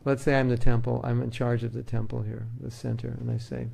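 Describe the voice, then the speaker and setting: Speaking a little fast, this man's deeply gravelly, dark, mellow voice carries a laid-back devotional talk. He's a spiritual teacher who chats rather than lectures, joking lightly and leaning on familiar everyday examples to make his points.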